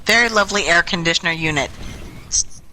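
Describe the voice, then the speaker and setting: A young woman tells a story over an online voice chat, chatty and animated, cursing without a second thought. Her voice is very bright and sharp, and there is a faint hiss of noise behind her. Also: fairly low pitch, a little fast, low-quality recording. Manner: chatty, animated, swears freely. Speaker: gaming group member. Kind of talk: casual storytelling in game voice chat. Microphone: headset or desk mic in online voice chat.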